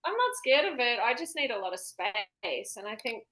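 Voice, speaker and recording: Giggly New Zealand woman, bright voice. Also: a little high, sing-song, normal speed, rough recording. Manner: giggly, chatty, swears freely. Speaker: podcast co-host. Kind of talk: casual chat.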